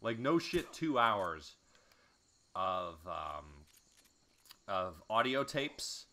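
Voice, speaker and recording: Bright-voiced crude gaming commentator man. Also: lowish voice, big pitch swings, drawn-out words. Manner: crude, laughing fits, rambling. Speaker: let's play commentator.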